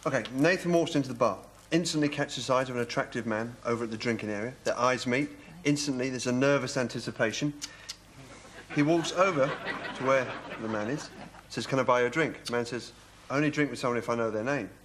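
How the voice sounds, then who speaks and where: A man earnestly narrating a scene pitch in a sketch comedy. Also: fast, fairly bright tone, a little hiss or hum.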